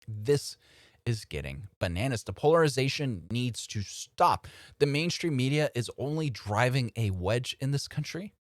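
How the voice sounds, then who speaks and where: Animated man giving casual commentary. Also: medium pitch, moderate pace, no echo, studio quality. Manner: animated and conversational, addressing viewers as folks. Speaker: host of a political commentary channel.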